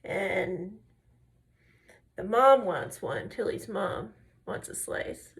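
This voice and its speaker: A woman's voice: mid-range voice, animated, drawn-out words, gravelly. A woman chatting casually while doing her makeup, telling stories and talking through each step. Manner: chatty storyteller, drifts between tangents; step-by-step tutorial talk. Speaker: makeup and faith vlogger.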